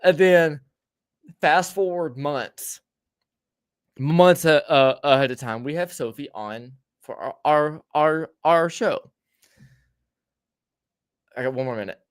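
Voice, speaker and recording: A man's voice: a little high, takes it slowly, long pauses, clear, resonant tone. A man hosting a podcast, telling a story in casual chat, swearing often and restarting his sentences. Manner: profane, rambling, frequent restarts. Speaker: podcast host.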